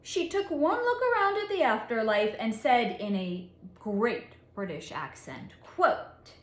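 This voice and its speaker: A woman psychic reader telling a story in a monologue, with deliberate dramatic pauses and frequent laughs. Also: a little high, big pitch swings. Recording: echoey room.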